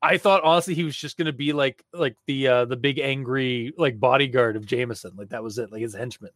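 A man co-hosting a casual chat, animated and laughing, with exaggerated reactions. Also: mid-range voice, a little fast, dry recording, studio quality. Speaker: podcast co-host discussing a story. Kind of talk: casual chat with story readings.

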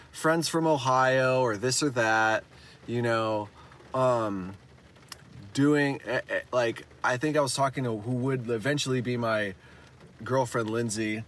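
A man at a middle pitch tells his own story in a loose, unscripted way, full of restarts and swearing. He sounds candid and rueful, and his voice sinks lower and quieter when he owns up to his mistakes. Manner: candid and profane, halting with many restarts. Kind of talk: casual personal storytelling.

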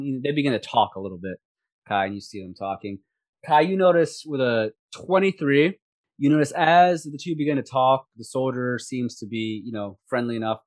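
A man's voice: mid-range voice, dry recording. A man running a tabletop role-playing game as game master, narrating the scene and voicing the figures himself. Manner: descriptive, voices the figures himself.

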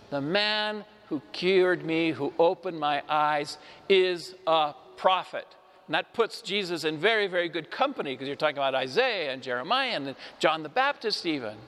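Man preaching a lively homily in a reverberant hall. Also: a little high. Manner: lively storytelling, acts out quoted voices, laughs often. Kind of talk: Sunday homily. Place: church.

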